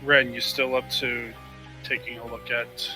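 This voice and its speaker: A man's voice: mid-range voice, level tone, unhurried, sharp tone, faint music behind, low-quality recording. A man playing a tabletop game, checking details and giving in-character orders. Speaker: player.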